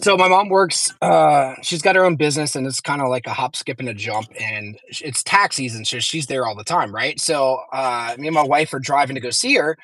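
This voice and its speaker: A man in his thirties telling a long story in a casual chat, animated and full of swearing. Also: mid-range voice, fairly quick, hardly any pauses. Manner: animated, profane, rambling.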